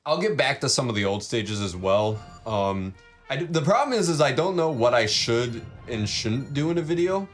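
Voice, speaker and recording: A man's voice: medium pitch, lively intonation, moderate pace, soft background music. A man chatting casually and joking while he plays through a video game. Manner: rambling, jokey. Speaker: let's play host. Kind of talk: casual gameplay commentary.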